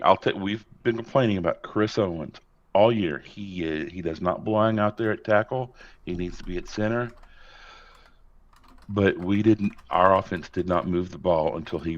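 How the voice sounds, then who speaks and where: A man co-hosting a sports podcast in casual chat, telling animated stories with chuckles. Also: low-pitched. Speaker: podcast co-host. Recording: slightly dull, muffled sound.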